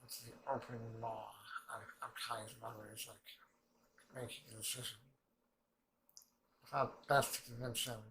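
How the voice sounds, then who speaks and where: Casual male anime reactor, gravelly tone, rambling and profane. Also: medium pitch, measured pace, pauses often, poor audio. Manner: rambling, excitable, swears a lot. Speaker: reaction channel host.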